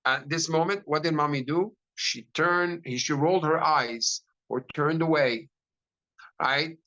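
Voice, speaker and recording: A middle-aged man, a rabbi, giving a lecture to a class in an animated storytelling way, with frequent restarts. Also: a little high, unhurried, muffled recording.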